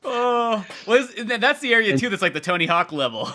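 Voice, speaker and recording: A man guesting on a podcast, telling stories in an animated way, laughing often and swearing. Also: high-pitched, normal speed, slight background noise. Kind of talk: casual podcast chat.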